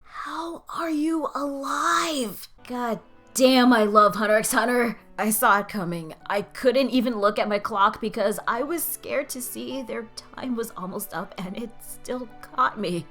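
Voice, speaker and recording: High-pitched woman reading out fan comments, really dramatic and emotive, faint music under it. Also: unhurried, a bit bright. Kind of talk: reading viewer comments aloud.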